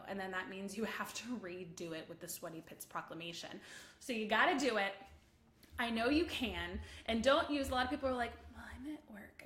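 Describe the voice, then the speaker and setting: A woman coach hosting a live video session, bubbly and animated, chatting with viewers and reading out their comments. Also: fairly high pitch, echoey room. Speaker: online visibility coach. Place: home office room.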